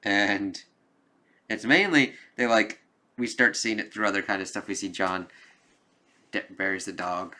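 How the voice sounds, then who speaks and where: Unhurried and marked by long pauses, his lowish voice has a sharp tone. The film reviewer offers a casual spoken movie review that rambles loosely, full of "like" and "kind of," with occasional emphatic cursing.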